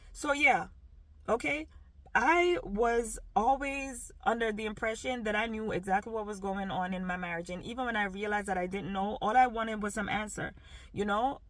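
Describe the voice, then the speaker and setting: A woman's voice: medium pitch, no echo. Frank woman vlogging with a Jamaican lilt. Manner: frank and emphatic, with many "you know" fillers. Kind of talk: candid personal vlog.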